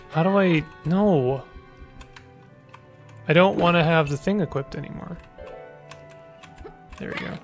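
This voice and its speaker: A man commentating his own gameplay in a loose, chatty way. He jokes around with his viewers, and his voice sits a little high for a man. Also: measured pace, pauses often, faint music behind. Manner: joking, playful asides to chat. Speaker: game streamer. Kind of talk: casual gaming commentary.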